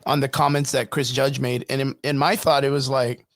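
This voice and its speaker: A man's voice: mid-range voice, little pitch movement, fairly quick, gravelly, no room sound, studio quality. A man co-hosting a casual podcast chat, easygoing and hedging his points with fillers. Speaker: podcast co-host.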